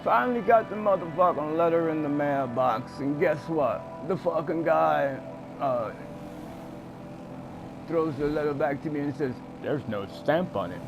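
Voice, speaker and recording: A man's voice: a little high, unhurried, gravelly, highs cut off. A man playing a video game and telling a rambling, profane tall tale full of fillers. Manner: rambling, profane, fillers, acts out scenes loudly. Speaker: gaming streamer. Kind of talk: tall-tale comedic storytelling over gameplay. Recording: game music underneath. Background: game music.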